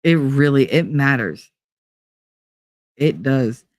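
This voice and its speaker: A woman's voice: very deep voice, animated, slow pace, no room sound. A woman hosting a stream, telling personal stories in a casual, candid way, swearing freely and laughing often as she talks. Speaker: stream host. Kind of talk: casual storytelling chat.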